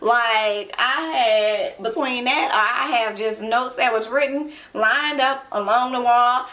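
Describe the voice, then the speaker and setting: A woman's voice: fairly high pitch, slow, sharp tone. A woman, a nurse talking in a casual personal vlog from a room at home, chatty and loose with lots of fillers. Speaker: ER nurse and beauty blogger.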